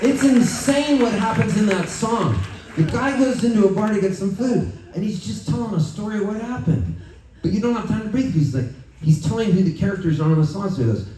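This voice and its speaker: A man's voice: high voice, lively intonation, a little fast, mellow, some chatter behind, slight background noise. Casting: a loose, joking male performer chatting between songs, recorded from a distance in a roomy music hall. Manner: loose, joking storyteller, laughs often. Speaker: singer-songwriter performing live. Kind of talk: rambling stage banter and fast patter singing. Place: music hall at a festival, live audience.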